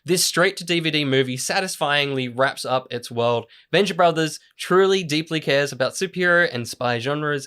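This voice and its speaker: Guy hosting a movie podcast, reads out listener picks, laid-back, mid pitch. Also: a bit bright, clear, resonant tone. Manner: reading out listener picks, laughing, loose. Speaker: podcast host. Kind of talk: casual chat.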